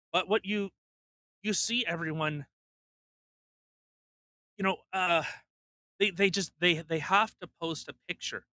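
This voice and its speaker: A young man co-hosting a podcast, ranting bluntly in casual chat, swearing and mocking people with quick impressions. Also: fairly high pitch, sharp tone, no echo. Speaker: podcast co-host.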